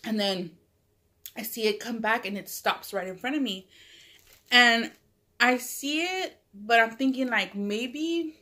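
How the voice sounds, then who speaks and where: A woman's voice: a little high, slow pace, pushed and bright. A woman vlogger casually telling a long personal story, rambling and full of "like" and self-corrections. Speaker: mukbang vlogger.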